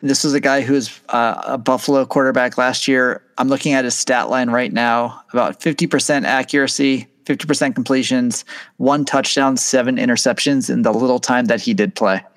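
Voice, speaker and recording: Steady, measured sports podcast man. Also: mid-range voice. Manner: steady, measured, steers the conversation. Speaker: podcast co-host. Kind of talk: casual sports chat.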